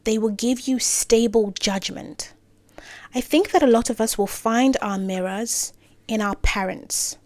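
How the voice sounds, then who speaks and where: A woman with a slightly high voice gives casual career advice straight to camera. She keeps breaking off for playful asides and self-corrections. She sometimes sinks into soft near-whispers, and the recording is dry, with no room sound. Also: unhurried, no echo. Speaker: creator giving career advice.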